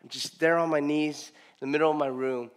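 A middle-aged man preaching a sermon, telling a personal story with emotional repetition and loud rising emphasis. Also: fairly high pitch, steady tone, brisk, clear, resonant tone. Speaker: pastor.

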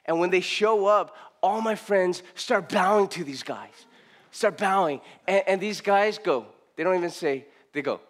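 High-voiced preacher telling a lively story. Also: male voice, measured pace. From Southern California, US. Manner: animated, acts out quoted speech, frequent restarts. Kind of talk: storytelling sermon. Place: in front of a live congregation.

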